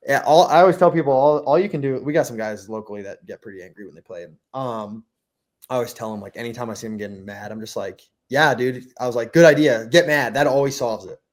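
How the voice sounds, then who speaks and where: A young man chatting casually as a podcast guest, telling stories fast and slipping into mimicked quotes. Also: mid-range voice, a little mellow. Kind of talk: casual chat.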